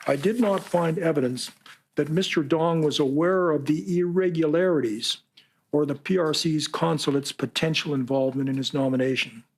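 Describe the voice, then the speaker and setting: A man from Canada answering reporters' questions at a press conference, earnest and measured, sometimes reading passages aloud. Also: a little high. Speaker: special rapporteur answering reporters.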